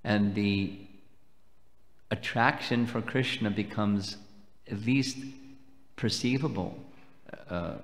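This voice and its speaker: A man giving a devotional lecture at a festival, explaining slowly and deliberately and taking questions. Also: lowish voice. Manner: measured, explanatory, slow and deliberate. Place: temple hall. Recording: long hall reverb.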